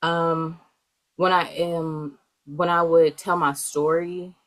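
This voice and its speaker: A woman with a notably low, deep voice answers interview questions in a loose, wandering way. She is a young adult and fills her talk with plenty of "um" and "like". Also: little pitch movement, slow pace, low-quality recording. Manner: rambling, filler-heavy. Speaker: guest, healer.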